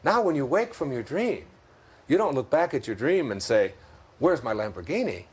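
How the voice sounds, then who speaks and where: A man's voice: a little high, big pitch swings, moderate pace, breathy edge. A man with a Detroit accent talking as an interview guest, reflective and storytelling, laughing often as he talks. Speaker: interview guest, self-help author. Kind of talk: conversational talk.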